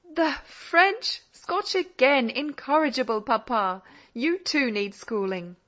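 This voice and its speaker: A woman's voice: sits high, slow pace, pitched above the performer's own voice, exaggerated voice. A woman voicing an earnest, teasing young woman who pleads with and scolds her father in an audiobook. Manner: lively, pleading and mock-indignant. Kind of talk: audiobook character reading.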